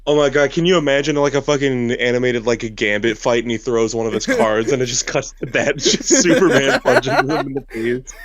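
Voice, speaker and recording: A man's voice: mid-range voice, fairly quick. Swearing man riffing in casual chat. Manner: swears a lot, riffs on jokes. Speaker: reaction video co-host.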